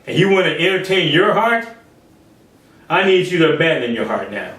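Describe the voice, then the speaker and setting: A man's voice: a little high, big pitch swings, moderate pace, a bit bright, reverberant, far from the mic, poor audio. A man preaching a sermon, acting out quoted speakers in changing voices. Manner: acts out biblical quotes in shifting voices.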